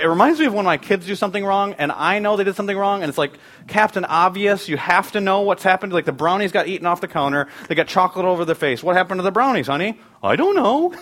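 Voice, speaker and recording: Pastor, male, 30s, slightly high voice, casual animated sermon delivery. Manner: conversational, animated storytelling.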